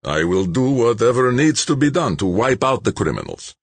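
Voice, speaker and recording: A man's voice: mid-range voice, big pitch swings, normal speed, breathy edge, dry recording, voice pushed up. A man voicing an ambitious, proud male politician who speaks in a formal, controlled way. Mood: guarded, stern.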